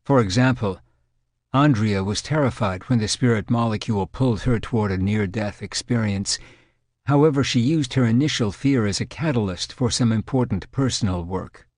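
A man narrating an audiobook in a measured, clinical storytelling manner. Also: on the low side, a little mellow, no room sound, studio quality.

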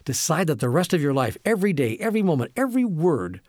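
A man giving an inspirational spiritual talk, earnest and measured, building up emphatic lists. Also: on the high side, sing-song, darkish tone, no room sound, studio quality. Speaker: spiritual speaker.

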